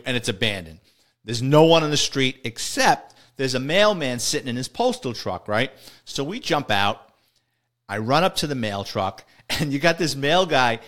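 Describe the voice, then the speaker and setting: Rambling New ex-cop storyteller. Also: male voice, mid-range voice, a bit bright. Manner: rambling, restarts sentences, chuckles while telling. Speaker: retired police officer. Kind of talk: casual storytelling.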